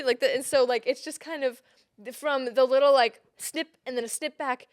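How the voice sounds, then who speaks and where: Young female co-host, lively storyteller, higher register, dry studio read. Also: normal speed, dry recording. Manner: animated storytelling, quotes herself in high emotional bursts. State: pregnant. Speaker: podcast co-host. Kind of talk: casual chat.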